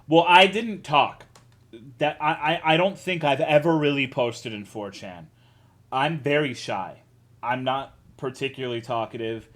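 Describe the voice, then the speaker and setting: A Texan man streams and chats casually, answering his chat in a rambling, profane, self-deprecating way. His voice is medium in pitch with a fairly bright tone.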